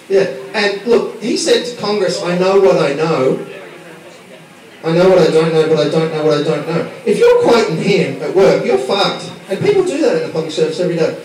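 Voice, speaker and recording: A man from Australia doing a stand-up routine, brash and sweary, teasing the crowd. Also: high voice. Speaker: stand-up comedian. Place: small comedy bar. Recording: echoey club from far off, crowd laughter.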